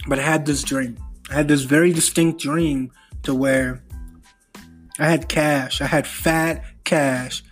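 Young male podcast host, earnest solo monologue, flat delivery, halting restarts, faint music underneath. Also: on the high side. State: emotional.

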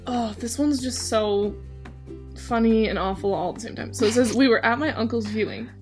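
A woman's voice: a little high, moderate pace, a little mellow, soft background music. A young woman hosting a casual chat, reading funny stories aloud and giggling. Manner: giggly, reacts often with "oh my gosh". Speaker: host.

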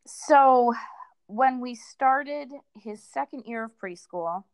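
A middle-aged woman speaking as a guest in a casual conversation, pausing often and restarting her sentences. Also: fairly high pitch, expressive, clear, resonant tone, no echo, studio quality. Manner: halting, many fillers and restarts.

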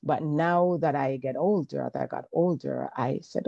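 A woman, a podcast guest telling a personal faith story in a reflective, hesitant way with frequent pauses. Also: low-pitched, lively intonation, creaky, mellow, no room sound. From Jamaica. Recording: dull, lo-fi recording.

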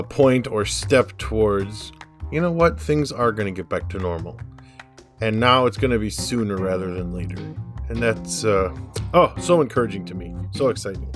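A man hosting a casual sports podcast, talking in a rambling, halting way with lots of fillers. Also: medium pitch. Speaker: podcast host.

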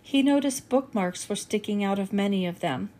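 A woman reading a children's chapter book aloud in a steady storytelling manner. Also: mid-range voice, normal speed. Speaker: reader.

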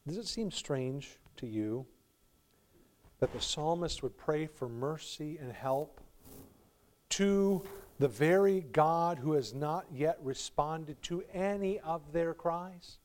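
A male pastor preaching a sermon, swinging from quiet reflection to loud, pleading emphasis, with warm laughs between points. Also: fairly high pitch, takes it slowly.

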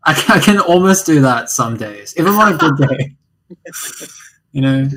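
A man's voice: on the high side, animated, measured pace, a crowd in the background, low-quality recording. A man talking loosely as a podcast guest, swearing casually.

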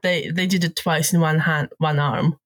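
A man's voice: on the high side, fairly even intonation, normal speed, fairly bright tone, no room sound, studio quality. A man co-hosting a casual film podcast, earnest and steering the talk back on track. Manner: earnest, pushes to keep on track. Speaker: podcast co-host.

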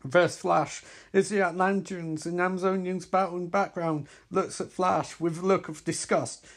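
Excitable man recapping comics. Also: high-pitched, moderate pace. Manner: excitable, chatty, reacts aloud with exclamations. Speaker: comic and wrestling recap host. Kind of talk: casual recap commentary.

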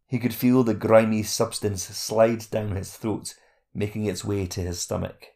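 This is a male narrator reading a fantasy novel, his voice a bit low with a rough, gravelly grain. He keeps the pace even and the reading calm and measured from start to finish.

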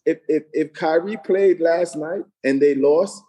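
A man's voice: a little high, dark tone, breathy edge. A man co-hosting a heated sports debate, firing challenging questions at the others. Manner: challenging, quick questions, laughs mid-argument. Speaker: basketball debate co-host.

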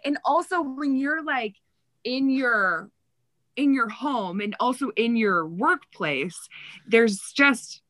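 A woman's voice: on the high side, animated, takes it slowly, a bit bright, no room sound. A woman telling backstage stories in a casual interview, chatty and full of fillers, getting emotional. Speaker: Broadway dresser.

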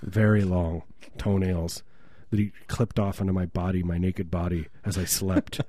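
A man's voice: sits low, little pitch movement, moderate pace, mellow, dry recording. A man co-hosting a comedy podcast, rambling through absurd jokes in casual banter. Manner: rambling absurd riffing, frequent laughs.

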